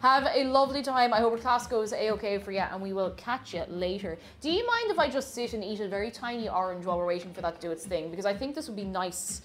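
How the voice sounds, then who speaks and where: A woman's voice: medium pitch, expressive, fast talker, hardly any pauses, slight background noise. A woman chatting casually while she bakes in her home kitchen during a livestream, gushing about food and reading viewer comments aloud. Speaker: streamer.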